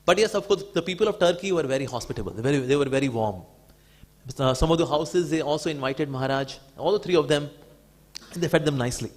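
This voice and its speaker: A man giving a devotional storytelling talk, animated and acting out the people in it. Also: a little high, fast. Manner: animated, acts out quotes. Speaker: devotee speaker.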